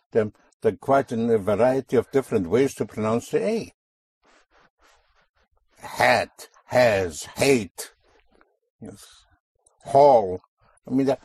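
A man teaching a spoken language lesson to a student, explaining slowly and deliberately and repeating key sounds. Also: medium pitch, a little mellow, husky, dry recording.

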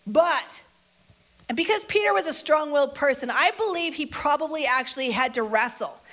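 A woman preacher with a fairly high, fairly bright voice tells a Bible story informally at normal speed. She's expressive and chatty, repeating key lines for emphasis.

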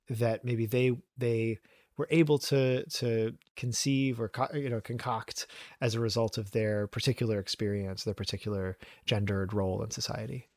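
A male interviewer with a mid-range voice puts his questions slowly, with restarts and fillers. He is recorded close up in a dry sound. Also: mid-range voice, no room sound. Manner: hesitant, searching for words.

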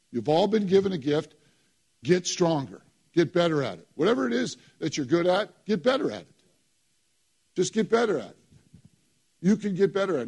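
A man delivers a sermon from the pulpit of a church. His voice sits high and carries a husky edge. He preaches emphatically, throwing short phrases out to the congregation and repeating them for effect. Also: a little mellow. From New York. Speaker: pastor.

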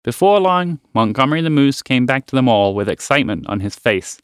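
A man narrating a children's story podcast as its host, with expressive storytelling. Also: medium pitch, fast, clear, resonant tone, no echo, clean studio sound.

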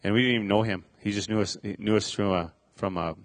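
A middle-aged man telling a personal faith testimony, halting, with many fillers and restarts. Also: fairly low pitch, steady tone, no room sound. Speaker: speaker sharing a testimony.

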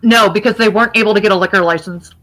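A woman's voice: medium pitch, very fast, fairly bright tone, soft background music, low-quality recording. A young adult woman narrating as game master for a tabletop game, casual and playful, laughing often.

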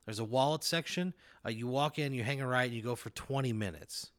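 A man's voice: mid-range voice, a little fast, a bit bright. A man in comedy podcast banter, reacting with exasperated disbelief and swearing. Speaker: podcast co-host.

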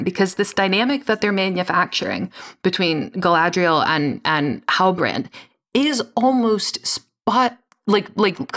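Co-host, female, low-pitched, exasperated profane ranter, casual delivery. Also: a bit bright. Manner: ranting, profane, sarcastic. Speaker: podcast co-host. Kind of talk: casual recap chat.

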